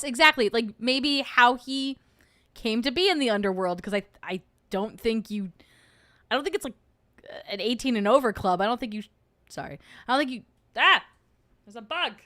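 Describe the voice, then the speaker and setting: A woman's voice: on the high side, bright, forceful tone, dry recording, studio quality. A young adult woman hosting a livestream, chatting casually and joking in rambling asides while reacting to a video. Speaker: host.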